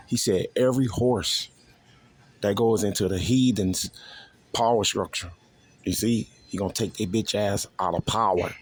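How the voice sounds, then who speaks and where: A man's voice: lowish voice, normal speed. A man preaching scripture in a crude, profane way, constantly repeating "you see" to his listeners. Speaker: street preacher.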